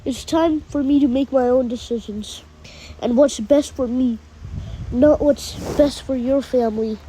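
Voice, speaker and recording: A woman voicing a grown man who defiantly turns selfish, speaking in a high voice at a slow pace. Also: dark tone, slight background noise, rough recording.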